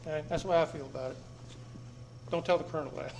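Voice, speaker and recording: A middle-aged man's fairly high, creaky voice races along in a steady tone as he speaks live to a seated audience in a meeting room. He's blunt and emphatic, hammering ideas in by repeating them. The room is echoey, with faint background noise.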